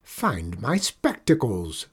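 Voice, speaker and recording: A man voicing a mean, greedy old witch who mutters to herself in a hushed, husky voice. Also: lowish voice, wildly swooping pitch, slow, full character voice. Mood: snarling.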